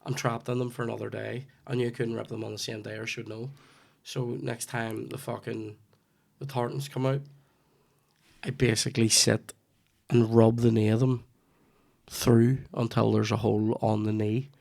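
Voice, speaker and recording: A man's voice: mid-range voice, little pitch movement, moderate pace, gravelly, darkish tone. A man, hosting a podcast and telling a comic story with plenty of swearing. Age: 30s. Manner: swears freely, restarts lines, acts out his mum in quoted asides. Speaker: podcast host. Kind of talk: casual comedic storytelling.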